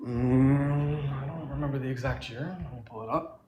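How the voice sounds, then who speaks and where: A man's voice: medium pitch, fairly even intonation, moderate pace, dark tone, slight background noise. A man arguing as a guest on a call-in debate stream, sarcastic and swearing, laughing off the host. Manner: profane, dismissive, laughing sarcasm. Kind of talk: casual heated argument.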